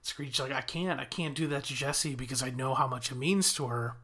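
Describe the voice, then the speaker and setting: A man's voice: mid-range voice, normal speed, breathy edge. A man casually recapping a TV episode as a podcast host, quoting characters' lines as he retells it. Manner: animated retelling with quoted lines.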